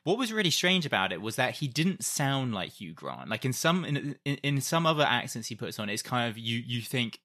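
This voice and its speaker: A man co-hosting a casual film chat, measured and a little hesitant. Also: medium pitch, big pitch swings, pushed and bright. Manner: hesitant, measured, many fillers. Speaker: podcast co-host.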